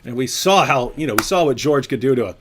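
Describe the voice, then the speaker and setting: Rapid, animated man hosting a video hangout. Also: medium pitch, over a noisy crowd. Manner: animated, quick restarts and repeated words. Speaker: host. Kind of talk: casual group video chat. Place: home during quarantine, on a video call.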